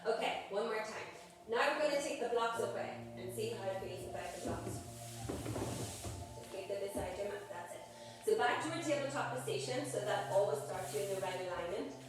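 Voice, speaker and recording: A woman's voice: medium pitch, moderate pace, over music. A woman yoga teacher guiding a live group class, calling out poses and breaths in an encouraging way. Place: group exercise studio. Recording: echoey room, voice far from mic, background noise.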